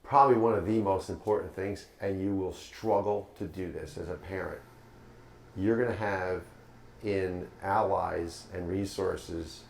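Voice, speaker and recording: A middle-aged man with a very low, gravelly voice speaks in a measured, hesitant way as he gives fatherly advice. The room around him sounds roomy, with a faint hum of noise. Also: fairly even intonation. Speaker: guest. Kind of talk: casual podcast conversation.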